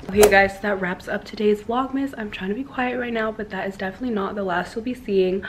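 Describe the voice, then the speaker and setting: A woman's voice: medium pitch, fast, few pauses, noisy background. A young woman vlogging to camera at home, chatty and gushing, with many fillers. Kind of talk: casual vlog talk to camera. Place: home indoors.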